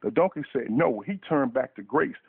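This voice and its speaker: A man's voice: mid-range voice, lively intonation, normal speed, creaky, breathy edge, no echo. A man preaching a fervent radio sermon, repeating and restarting words in bursts, heard over a dry phone line.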